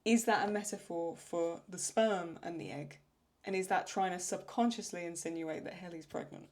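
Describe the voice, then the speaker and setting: A woman's voice: lowish voice, normal speed, darkish tone. A woman hosting a casual question-and-answer chat, thinking aloud with restarts and laughing as she retells funny lines. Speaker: channel host answering viewer questions.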